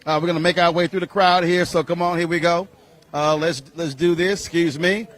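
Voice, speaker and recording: A man with a high, bright, sharp-toned voice works as a roving reporter. He chats his way through an outdoor street event among a crowd, keeping things breezy, upbeat and colloquial. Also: steady tone, fairly quick. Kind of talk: roving interview.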